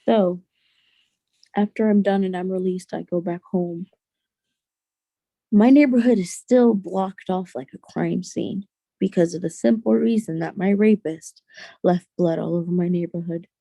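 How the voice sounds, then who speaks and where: A young adult woman, a podcast guest, telling a personal story in an earnest, halting way with many restarts. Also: lowish voice, creaky, mellow, no echo.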